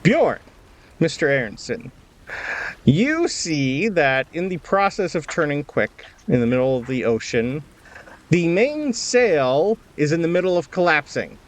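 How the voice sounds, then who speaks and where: A man narrating as game master of a tabletop game, explaining rules in a relaxed way with fillers. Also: a little high, a little slow.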